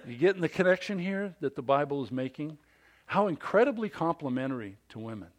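A pastor delivering a sermon in a man's slightly high voice, with a lively, swooping pitch. He punches key words and then drops his voice low, asking his listeners questions as he goes. His delivery is emphatic and animated. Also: brisk. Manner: asks the audience questions.

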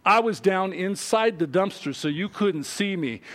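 A middle-aged man preaching a sermon, telling a childhood story in an animated way, swinging from loud to quiet. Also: high-pitched, measured pace. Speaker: pastor.

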